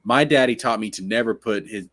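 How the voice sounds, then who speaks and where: A man hosts a loose, crude conversation, joking freely. His voice sits a little low. He often halts and restarts mid-thought. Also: brisk, fairly bright tone. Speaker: host. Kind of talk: casual chat.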